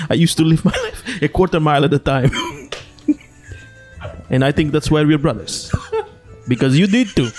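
A man's voice: on the high side, pitched above the performer's own voice. A man putting on a clumsy Swedish accent for a sentimental tough-guy speech, laughing as he goes. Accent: put-on Swedish. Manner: breaking into laughter mid-line.

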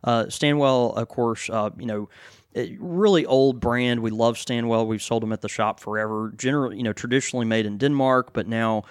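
A man co-hosting a casual podcast chat, relaxed and full of fillers and restarts. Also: medium pitch, moderate pace, clean tone, dry recording, studio quality. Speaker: pipe shop co-host.

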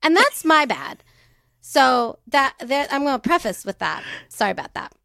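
A woman's voice: sits high, big pitch swings, normal speed, gravelly, pushed and bright, dry recording, clean studio sound. A young adult woman co-hosting a podcast, chatting casually, laughing often and poking fun at herself. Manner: giggly, self-deprecating, laughs often. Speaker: podcast co-host. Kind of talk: casual chat, storytelling.

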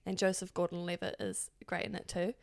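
A woman's voice: fairly low pitch, little pitch movement, brisk, gravelly. A woman from New Zealand in her late twenties or early thirties, co-hosting a podcast in a chatty, giggly way and often trailing off mid-sentence. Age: late 20s to early 30s. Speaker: podcast co-host. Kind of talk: casual chat.

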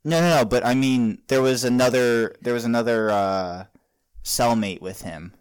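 A man's voice: mid-range voice, normal speed, clear, resonant tone. A young man hosting a casual podcast chat, rambling and restarting his sentences. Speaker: podcast host.

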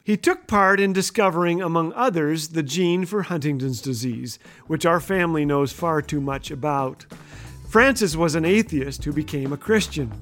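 A man's voice: fairly high pitch, normal speed, a bit bright, faint music behind. A middle-aged man hosting a humorous radio talk, telling stories playfully and laughing at his own jokes. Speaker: radio host. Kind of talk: humorous storytelling monologue.

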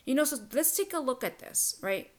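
A woman host speaks in a frank, loose podcast monologue. She is outspoken and emphatic and swears freely. Her pitch jumps up sharply when she presses a point and drops low and soft for asides. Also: moderate pace. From Latin American heritage. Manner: blunt, profane, lively and emphatic. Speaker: podcast host, relationship coach. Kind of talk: casual solo podcast monologue.

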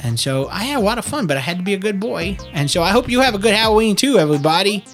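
Brief: man putting on a bright, bouncy boy character for a kids show, pitched up and lively. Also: very fast, soft background music. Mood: cheerful. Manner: bouncy, silly, sign-off chatter.

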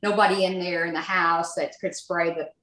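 A woman describing strange happenings at home in a halting way, searching for words as she goes. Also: lowish voice, flat delivery, a bit bright. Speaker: guest describing hauntings. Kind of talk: casual chat. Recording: roomy echo.

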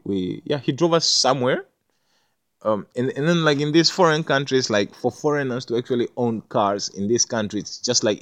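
A man's voice: on the low side, dry recording. A man telling a personal story in a loose, rambling way, full of fillers and restarts. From not Jamaica. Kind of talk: casual storytelling.

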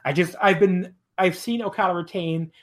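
A man co-hosting a wrestling podcast, talking in a rambling, casual way, his voice jumping high when he gets exasperated. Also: fairly even intonation, normal speed.

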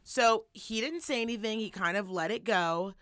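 Podcast host, female, bright forceful voice, dry close sound, animated profane storyteller. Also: medium pitch, moderate pace, dry recording. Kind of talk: casual gossip chat.

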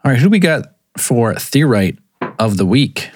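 A man's voice: mid-range voice, very animated, moderate pace, noisy background. A man co-hosting a casual podcast, mostly adding short reactions and jokes. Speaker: podcast co-host.

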